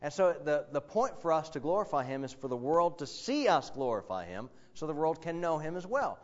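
A man preaching in an earnest, emphatic way, his voice sitting a little high for a man. He works through his points with plenty of fillers and quick asides. The sound is dull and lo-fi. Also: big pitch swings. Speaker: pastor. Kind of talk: sermon.

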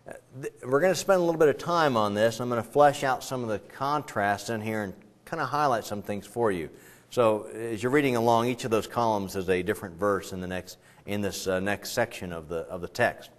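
A man's voice: on the low side, fairly quick. A male pastor preaching a sermon in a conversational way, full of rambling asides, little jokes and restarts.

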